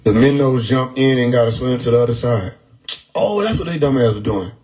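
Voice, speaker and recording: A man hosting a live stream, riffing loudly on chat comments with frequent laughter and profanity. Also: medium pitch, lively intonation, a little fast, poor audio. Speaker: livestream host reading chat. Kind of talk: casual livestream chat. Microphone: phone or desktop mic on a live stream.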